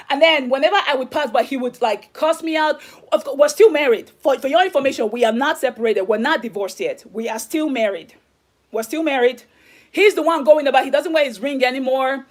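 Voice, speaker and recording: Young woman vlogging, high voice, talks fast and emphatic, keeps repeating herself. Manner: emphatic, repeats herself, acts out quoted dialogue. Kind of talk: emotional personal storytelling.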